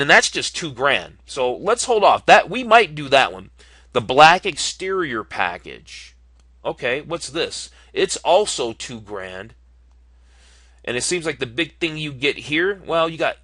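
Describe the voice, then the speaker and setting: In a mid-range voice that's bright and forceful, a man chats casually over a screen recording while choosing features for a car online. He thinks aloud, leaning on ums and uhs, and there's no room sound.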